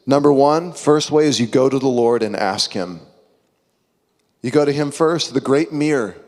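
Young man, preacher, sermon, animated, conversational, long hall reverb. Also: mid-range voice, normal speed. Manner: animated, conversational, acts out quotes.

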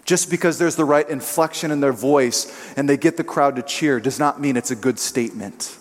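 Delivering a sermon with emphasis, a man occasionally performs quotes from others in changing voices. He has a mid-range voice at normal speed, heard through long hall reverb.

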